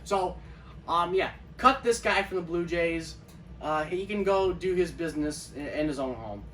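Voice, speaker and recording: A man's voice: on the high side, animated, normal speed, sharp tone, recorded from a distance. A man ranting in casual commentary for his own baseball channel, incredulous and repeating himself as he talks. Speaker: baseball vlogger.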